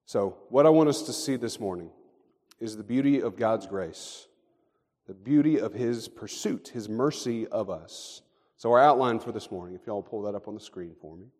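Pastor preaching in a reverberant hall. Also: male voice, fairly low pitch, lively intonation, normal speed. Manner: storytelling, dropping to quiet endings. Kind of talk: sermon.

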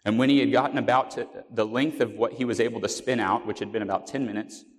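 A man preaching in an earnest, storytelling way, pausing on fillers and starting phrases over. His voice sits at an ordinary middle pitch. A long reverb trails behind his words, as if he were in a church sanctuary. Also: steady tone. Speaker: pastor. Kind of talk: sermon.

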